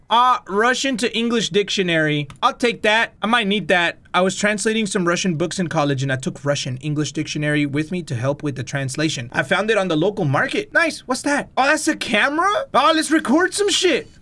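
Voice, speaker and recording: Guy gaming, kinda high voice, cussing and joking around, tosses in spanish. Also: expressive, fairly quick, bright, forceful tone. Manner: profane, joking, switches into Spanish. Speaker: VR gamer, channel host. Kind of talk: let's-play commentary.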